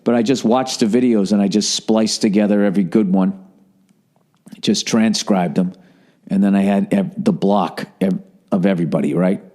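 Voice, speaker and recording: A man holds the mic alone, spinning a long casual story with a wry, profane edge. His voice sits a little low and unhurried, drifting from one aside to the next. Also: steady tone, warm tone. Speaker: podcast host.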